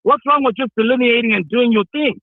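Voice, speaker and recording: A man's voice: very high-pitched, fairly quick, no echo. A man from Africa calling into a show, insistent and argumentative, repeating his points. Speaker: caller. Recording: tinny phone line.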